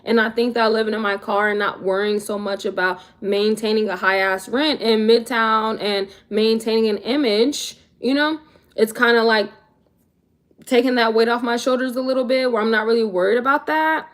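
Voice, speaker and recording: A woman's voice: on the high side, fairly even intonation, moderate pace. A young woman in her twenties chatting casually on a livestream, answering viewers in a laid-back, slangy way. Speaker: vlogger answering live chat.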